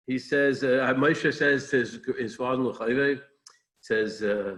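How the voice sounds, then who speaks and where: Rabbi thinking aloud in a Torah talk. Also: male voice, medium pitch, fairly even intonation, slow pace, poor audio. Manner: conversational, digressive, thinking aloud.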